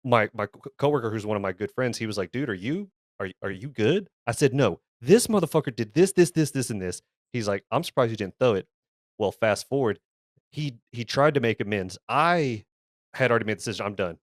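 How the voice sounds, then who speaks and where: A man with a lowish voice spins a casual story on a podcast, heated and full of swearing. He stumbles, restarts and repeats words as he gets going. The sound is close and dry, with no room around it. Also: brisk, dry recording. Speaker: podcast co-host.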